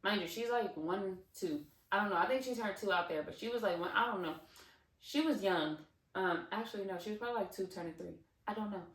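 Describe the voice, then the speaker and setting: A woman in her twenties telling a casual storytime on her channel, animated and digressive, with lots of fillers and asides. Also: mid-range voice, a little fast. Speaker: vlogger. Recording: roomy, slightly distant mic.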